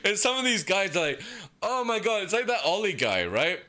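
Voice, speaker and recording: A young man rants live on a game stream, cursing freely. His voice sits a little high and sounds bright and forceful, and his pitch leaps all over as he mocks others in quick put-on voices. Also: very animated. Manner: profane, ranting, mocking with quick put-on voices. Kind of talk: casual live-stream rant.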